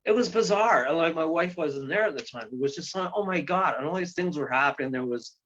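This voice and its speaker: A man's voice: on the high side, a little fast. Rambling male guest telling a story. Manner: rambling, full of fillers and restarts, with excited exclamations. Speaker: guest, ghost tour guide and paranormal investigator. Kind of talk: storytelling in an interview. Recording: dull lo-fi sound.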